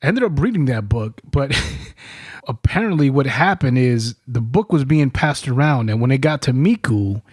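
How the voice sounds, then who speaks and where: A man hosting a podcast, telling stories in a profane, animated, casual way. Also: mid-range voice, normal speed, slightly rough, no room sound, studio quality. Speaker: podcast host. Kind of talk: casual chat. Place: studio.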